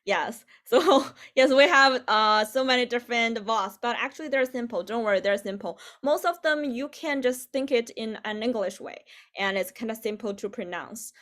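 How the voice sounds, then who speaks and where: A woman's voice: a little high, normal speed, fairly bright tone. A woman from Beijing, teaching a class over a video call in a chatty way, laughing often and filling her speech with "like". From Beijing, China. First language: Mandarin Chinese. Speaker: Chinese teacher. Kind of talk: online language lesson.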